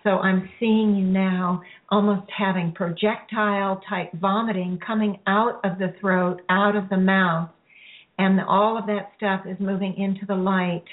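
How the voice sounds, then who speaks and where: A woman hosting a radio-style healing show, guiding listeners through a release in a slow, soothing, halting way. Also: medium pitch, little pitch movement. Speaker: spiritual healer hosting a show. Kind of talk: guided healing session. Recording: phone-like narrow sound.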